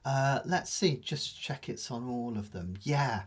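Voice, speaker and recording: A man teaching a live ukulele lesson, explaining fast in a chatty, self-deprecating way. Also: mid-range voice, expressive, husky. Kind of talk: live online music lesson. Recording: ukulele playing behind the voice.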